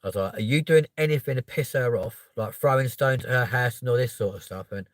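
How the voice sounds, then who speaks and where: A man with a London accent tells a story in casual chat, his voice leaping up high and loud whenever he quotes himself. He swears freely and keeps checking in with "right?" and "yeah?". The sound is close and dry. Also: a little fast, no room sound. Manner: animated, voice jumps up when quoting himself. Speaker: podcast host.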